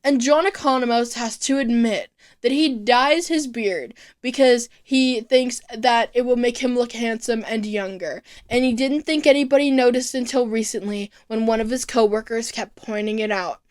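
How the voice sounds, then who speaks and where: A woman's voice: a little high, moderate pace. A woman narrating a show recap in a casual, breezy way, with profanity and jokey asides. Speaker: video recap host.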